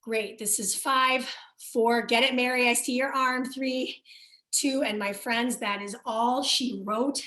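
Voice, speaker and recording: A woman's voice: on the high side, fairly even intonation, slow pace, pushed and bright. Upbeat Midwestern woman fitness instructor. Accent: American Midwestern. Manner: upbeat, cueing and encouraging class members by name. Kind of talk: live workout class instruction. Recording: echoey room, voice from far off the mic.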